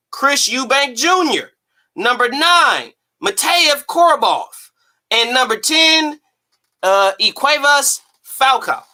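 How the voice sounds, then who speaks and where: A woman hosting a casual podcast chat, methodically reading a list out loud. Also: sits high. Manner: methodical, reads out lists.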